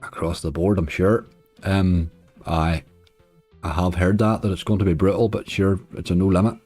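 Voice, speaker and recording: Deep-voiced man chatting. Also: fairly even intonation, normal speed, a little mellow, faint music behind. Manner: chatty, answers viewers' chat comments. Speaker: slots streamer. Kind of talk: casual livestream chat.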